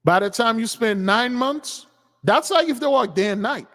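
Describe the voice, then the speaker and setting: A man's voice: very high-pitched, expressive, normal speed, a bit bright. A man giving an informal sermon-style talk, emphatic and repetitive in how he drives his points home. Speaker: spiritual teacher. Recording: long hall reverb.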